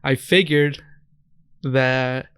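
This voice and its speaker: A young man from the States chats on a podcast, wandering through anecdotes and restarting his sentences as he goes. His voice sounds smooth and clear. The mic is close and dry, with no room sound. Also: mid-range voice, fairly even intonation, extremely slow, a bit bright, no echo. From United States. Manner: rambling storyteller, restarts often. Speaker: podcast co-host. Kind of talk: casual chat.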